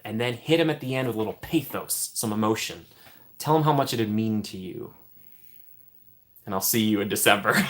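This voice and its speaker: A young man talks casually on his live stream, answering viewers in a relaxed, chatty way. He laughs a lot and his voice often drops to a quiet mumble at the end of a thought. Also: lowish voice. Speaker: livestream host.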